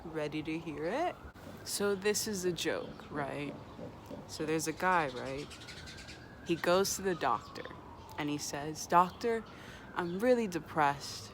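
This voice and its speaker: A vlogger speaking very slowly and earnestly, lingering on each thought with a melancholy, musing air. The voice sits at a mid pitch, with faint noise in the background. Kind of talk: slow reflective monologue to camera.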